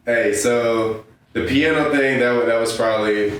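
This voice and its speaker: A man co-hosting a casual podcast, talking in a laid-back, drawn-out way as he explains things. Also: medium pitch, fairly even intonation. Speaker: podcast co-host. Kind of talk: casual chat. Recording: echoey room, mic at a distance, faint noise.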